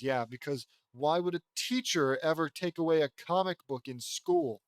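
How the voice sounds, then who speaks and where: A man's voice: on the high side, very animated, moderate pace, hardly any pauses, no echo. A man reading a fan fiction aloud, stopping to mock and swear at the story. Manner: sarcastic, swears, breaks off to mock the text. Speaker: audiobook reader of fan fiction. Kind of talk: reading aloud with off-the-cuff commentary.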